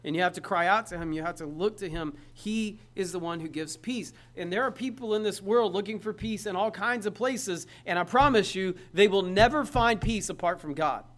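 High-voiced man preaching a sermon. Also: normal speed, few pauses, fairly bright tone. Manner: emphatic, repeats phrases, asks the listeners questions.

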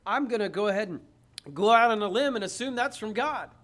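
A man's voice: sits high, fairly quick, fairly bright tone. A man preaching an emphatic sermon, reading scripture aloud and putting rhetorical questions to his listeners.

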